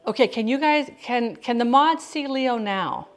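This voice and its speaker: A woman's voice: on the high side, unhurried. Chatty woman cooking on a livestream. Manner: chatty, restarts often, talks to viewers and mods by name. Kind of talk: casual livestream chat while cooking. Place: home kitchen.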